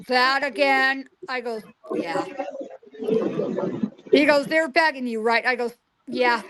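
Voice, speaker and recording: This guest psychic, a woman in her forties, has a high-pitched voice, and the remote call-line audio is very noisy. During the interview she tells stories in an emphatic, lively way, performing the animals' quoted lines.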